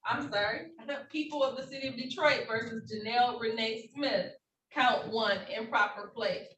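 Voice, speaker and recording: A woman's voice: on the high side, steady tone, moderate pace, a bit bright. A woman judge running courtroom proceedings in a formal, patient, procedural manner over a video call. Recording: roomy, distant, faint noise.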